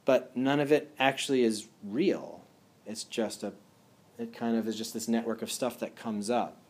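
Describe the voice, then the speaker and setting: A man's voice: medium pitch, moderate pace, a little mellow, breathy edge. A man, an energy healer, giving a casual motivational talk, earnest and full of rhetorical questions and fillers.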